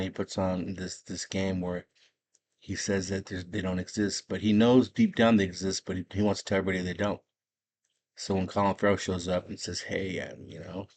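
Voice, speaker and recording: A man hosting a movie chat from home, retelling a plot in a laid-back, slangy way. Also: low-pitched. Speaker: movie review vlogger. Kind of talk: casual chat.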